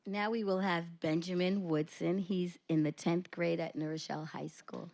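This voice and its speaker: A woman's voice: on the low side, steady tone, normal speed, vocal fry, background noise. A woman, a teacher, reads her own poem with rhythmic emphasis at a school board meeting, then introduces student poets. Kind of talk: poetry reading and meeting remarks.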